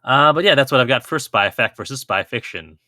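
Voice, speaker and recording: Man, podcast co-host, bright tone, dry close sound. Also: medium pitch, animated, fairly quick, dry recording. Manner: reads film quotes in mock voices, laughs often. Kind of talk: casual chat.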